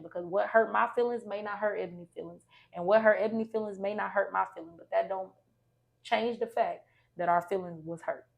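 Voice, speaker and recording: A woman's voice: medium pitch, vocal fry. A woman counselor giving casual, encouraging advice on a podcast. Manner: encouraging, conversational. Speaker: licensed counselor guest.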